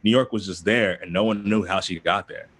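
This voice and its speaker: A man in casual chat, telling stories in an animated, profane way. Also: low voice, fairly quick, slightly rough, dry recording.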